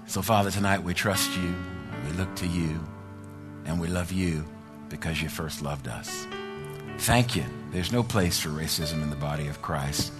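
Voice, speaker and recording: A man's voice: sits low, moderate pace, music in the background. A man preaching a sermon, telling a story with fervor and leading a prayer in a church. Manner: fervent storytelling, then quiet prayer. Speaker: pastor.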